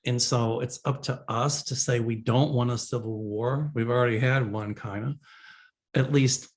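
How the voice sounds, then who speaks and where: A man hosting a psychic show, answering viewer questions in a rambling, casual monologue full of fillers. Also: mid-range voice.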